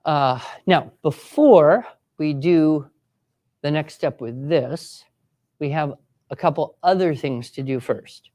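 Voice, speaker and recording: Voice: mid-range voice, lively intonation, slow, warm tone. A writing teacher leading a live classroom workshop, encouraging students and giving step-by-step directions. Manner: acts out sample voices for students.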